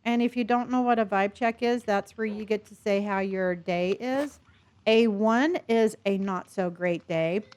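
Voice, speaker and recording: Her mid-range voice is clear and resonant with a darkish tone, and she speaks a little slowly. A Californian on a live stream, she sounds neutral with a hint of Southern lilt, chatting amiably with viewers and pets alike.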